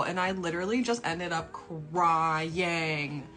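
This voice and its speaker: A woman's voice: fairly low pitch, expressive, moderate pace, few pauses, fairly bright tone, faint music behind. A young woman telling a storytime to camera in a sarcastic, exasperated way, swearing when fed up.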